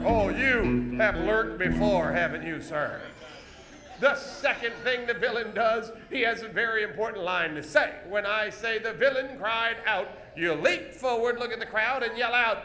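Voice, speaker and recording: Guy with a really high voice yelling jokes at audience volunteers, echoey venue, crowd and music behind. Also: normal speed. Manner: loud, teasing, hollering stage patter. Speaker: comedy show host. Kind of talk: live audience-participation comedy. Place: live comedy stage before an audience.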